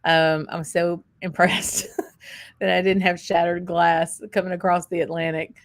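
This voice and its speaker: A woman's voice: on the low side, flat delivery, unhurried. A woman hosting a casual livestream chat, talking in a rambling way with many fillers. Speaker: host.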